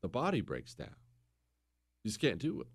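A man's voice: lowish voice, huge pitch swings, normal speed, slightly rough. A middle-aged man hosting a history podcast, telling the story casually and acting out quoted exchanges.

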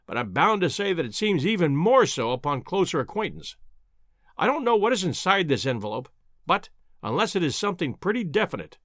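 A man's voice: on the high side, a bit bright, no echo, studio quality. A man voicing a gaunt, elderly male professor who speaks with acid, bitter dismissiveness in an audiobook reading.

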